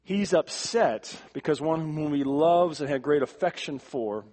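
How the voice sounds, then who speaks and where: A male pastor with a somewhat high voice preaches a sermon at a measured pace. He's emphatic, repeats words for stress, and swings between quiet moments and forceful ones.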